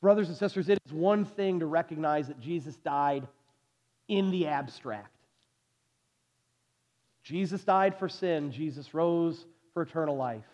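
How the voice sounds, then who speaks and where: A man in his forties preaches in a church, his voice sitting a little higher than most. He tells stories with animated energy, then sinks to a hushed, intense delivery. The recording sounds dull and lo-fi. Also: a little slow, pauses often. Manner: animated storytelling, drops to soft intense delivery. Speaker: pastor. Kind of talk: sermon. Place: church sanctuary.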